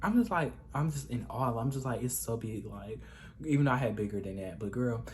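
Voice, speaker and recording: A young man in a casual storytime vlog, with an ordinary mid-pitched voice. He talks in a gossipy, chatty way and keeps calling the listener "girl". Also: animated, brisk, darkish tone, slight background noise. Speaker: vlogger.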